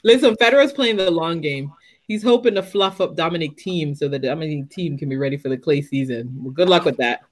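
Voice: mid-range voice, a little fast. A co-host in casual chat, wry in tone and laughing often. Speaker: podcast co-host.

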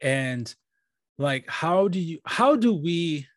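A man in his thirties, a comedian and actor appearing as a podcast guest, who talks in a relaxed, thoughtful way with frequent ums and pauses. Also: a little high, dry recording, studio quality. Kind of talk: casual interview chat.

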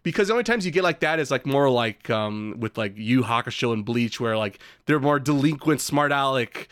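A man's voice: medium pitch, lively intonation, a little fast, fairly bright tone, no room sound, studio quality. A man co-hosting a podcast in casual chat, rambling and joking with the odd swear word. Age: adult who calls himself old. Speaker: podcast co-host.

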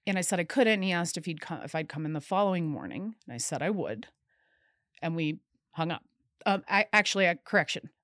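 A woman speaking in a lowish voice and telling her side of events in close detail. Her tone is earnest and at times emphatic, and the sound is dry and close with no room around it. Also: animated, fairly quick, fairly bright tone, no room sound. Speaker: guest. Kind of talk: interview storytelling.

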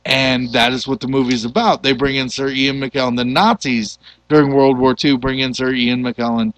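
A man hosting a casual movie podcast, retelling a film plot in an animated, loose way with the odd curse. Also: mid-range voice, moderate pace, poor audio. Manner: animated storyteller, loose and profane. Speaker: podcast host.

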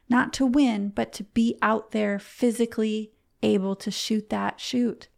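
A middle-aged woman, a guest on a podcast, telling a personal story in a heartfelt, halting way with frequent restarts. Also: mid-range voice, level tone, vocal fry, darkish tone. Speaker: podcast guest, competitive archer.

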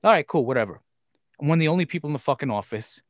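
Profane, animated man telling a story. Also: fairly high pitch, rapid-fire, dry recording. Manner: profane, animated storyteller who acts out quotes. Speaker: interview guest. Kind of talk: casual storytelling.

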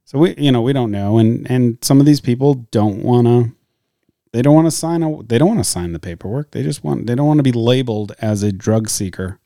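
A man's voice: medium pitch, lively intonation, fairly quick, vocal fry, mellow, no room sound, studio quality. A man who works in a hospital, talking in a careful, hedging way as he thinks aloud during a casual podcast conversation. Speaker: hospital clinician, podcast guest.

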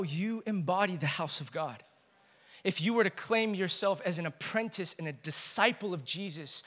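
A young man delivers a sermon as pastor, his voice high and bright. He alternates between loud, rising exhortation and quiet, hushed storytelling.

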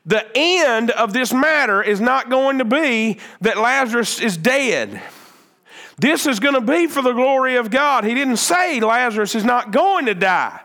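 A man's voice: very high-pitched, expressive, measured pace, bright, forceful tone. A man preaching a sermon as pastor, earnest and emphatic, repeating phrases and restarting his sentences.

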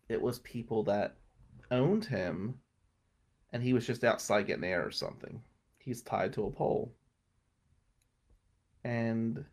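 A middle-aged man telling a personal story in a casual, animated way, blunt and swearing freely, swinging between loud emphasis and hushed asides. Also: lowish voice. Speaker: podcast guest telling a life story.

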